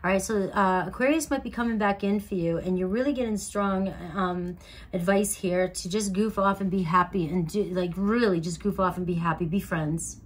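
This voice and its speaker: A young woman talks her viewers through a tarot reading in a loose, chatty way, often opening with a quick "all right." Her voice sits at a middling pitch for a woman. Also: fairly even intonation. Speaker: tarot reader. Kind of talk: casual tarot reading to camera.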